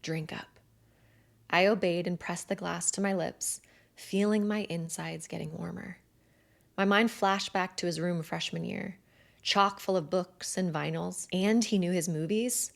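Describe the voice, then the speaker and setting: A woman narrating a first-person romance novel in an expressive, animated way with breathy asides. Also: on the low side, a little slow. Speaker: audiobook narrator.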